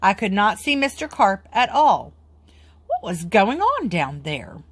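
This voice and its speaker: Slow, expressive woman reading a storybook. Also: medium pitch, breathy edge. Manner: expressive, sing-song. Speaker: storybook reader. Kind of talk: children's book read-aloud.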